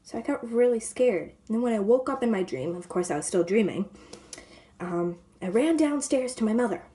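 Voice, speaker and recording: A woman's voice: fairly high pitch, expressive, normal speed. Rambling woman vlogger telling a story. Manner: rambling, full of "like" and "you know"; drops to a soft whisper at times. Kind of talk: casual storytelling.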